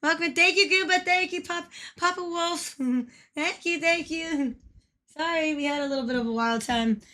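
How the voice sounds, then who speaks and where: High, bright-voiced playful woman streamer. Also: normal speed. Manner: playful and giggly, swears casually. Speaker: livestreamer. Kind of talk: casual livestream commentary.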